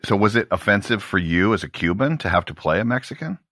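A man hosting a podcast, relaxed and curious, asking questions. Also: fairly low pitch, fast, dry recording, studio quality. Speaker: podcast host. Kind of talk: casual podcast chat.

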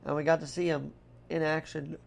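Hosting his own podcast, a man rambles chattily from topic to topic in a casual solo monologue, using a put-on Irish brogue. His voice is fairly high and gravelly, with little pitch movement, and he talks a little fast.

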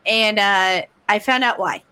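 A woman's voice: medium pitch, a little slow, pushed and bright, clear, resonant tone. A woman co-hosting a casual chat, chatty and teasing. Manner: chatty, teasing, laughs often. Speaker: podcast co-host.

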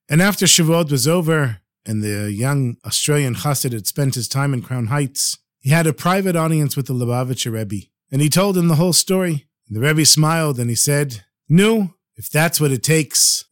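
A man's voice: mid-range voice, lively intonation, a little fast, few pauses, no echo, studio quality. A man telling religious stories on a podcast, preaching a little and addressing listeners fondly. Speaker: storyteller. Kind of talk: podcast storytelling.

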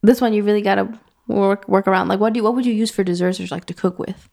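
A woman casually chatting and reading out trivia questions, animated and quick to laugh, often trailing off mid-sentence. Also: mid-range voice, vocal fry. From Puerto Rican family background. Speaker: co-host.

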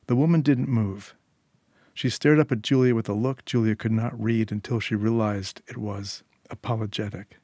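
A man narrating a short story in a measured, quietly tense reading. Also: lowish voice, steady tone, dry recording.

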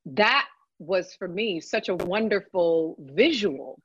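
A woman telling a lively story in casual chat, swearing freely and adding chatty asides. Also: on the low side, takes it slowly, breathy edge, dry recording, dull audio. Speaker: podcast guest, works on a TV set.

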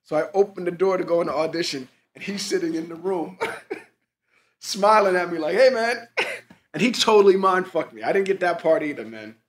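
A man chatting casually about the acting world, telling his stories with plenty of swearing and quoted dialogue. His voice sits a little on the high side. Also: brisk, slight background noise. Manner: loose, profane anecdotes with quoted dialogue. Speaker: actor, podcast guest. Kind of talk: casual storytelling chat.

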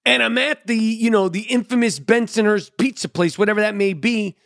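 A man's voice: sits high, a little fast, a bit bright, no echo, studio quality. A middle-aged man hosting a podcast, rambling in a loose, profane, streetwise monologue. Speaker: podcast host. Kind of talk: casual monologue.

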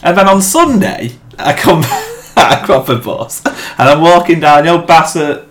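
A young man, casually telling a story among friends, animated and laughing often. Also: a little high, measured pace. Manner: animated, swears freely, laughs through the story. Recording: echoey room with faint ambient noise.

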